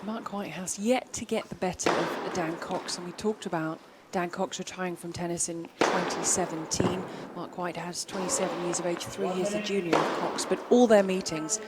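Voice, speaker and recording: A woman's voice: fairly low pitch, normal speed, few pauses, heavy background noise. A woman commentating on a tennis match, setting it up with facts and figures. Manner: informative, steady play-by-play with stats. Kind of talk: live sports commentary.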